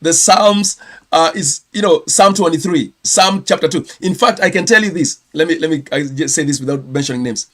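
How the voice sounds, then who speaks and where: A man's voice: on the high side, fairly quick, hardly any pauses, sharp tone. A Kenyan man, a pastor, giving a chatty live-streamed news round-up and correcting himself as he goes. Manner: chatty, self-correcting, reads viewer comments.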